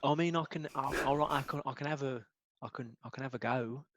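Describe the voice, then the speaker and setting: A man voicing a brash young male DJ who fires off loud announcer shout-outs. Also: high-pitched, lively intonation, slight background noise. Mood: sheepish. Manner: rapid shout-outs with catchphrases, deflates when questioned. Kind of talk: improvised comedy sketch.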